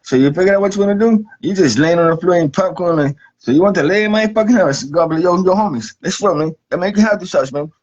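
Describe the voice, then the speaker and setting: A man's voice: sits high, fast talker, few pauses, a little mellow. A man voicing God as a laid-back regular guy who swears a lot and keeps saying "man". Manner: casual, profane, ends lines with "man". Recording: dull lo-fi recording.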